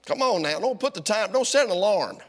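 A middle-aged male pastor preaching a sermon, swinging from loud, driving lines to hushed ones. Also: high-pitched, lively intonation, fairly quick. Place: church sanctuary. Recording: long church reverb.

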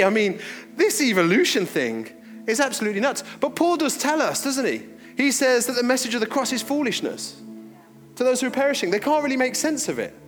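A man's voice: extremely high pitch, fairly bright tone. A man preaching a sermon in a chatty, joking storytelling manner. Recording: reverberant hall with faint music.

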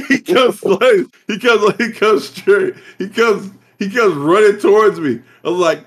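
A man's voice: high voice, measured pace. A man on a podcast telling a story in casual talk, swearing often and acting out the scenes. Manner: profane, animated, acts out scenes. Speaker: podcast co-host.

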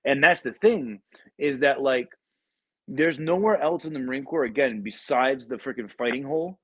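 A man's voice: mid-range voice, normal speed, fairly bright tone, breathy edge, no room sound, low-quality recording. Podcast host, young man, slangy and profane, close dry sound. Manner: slangy, profane storytelling with many fillers. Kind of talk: casual chat.

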